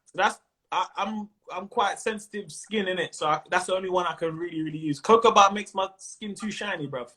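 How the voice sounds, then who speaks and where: A man's voice: high-pitched, brisk, bright, forceful tone. A man with a London accent chatting casually and jokily as a comedian guest on a video call, full of slang. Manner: slangy, jokey, laughs often. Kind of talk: casual chat.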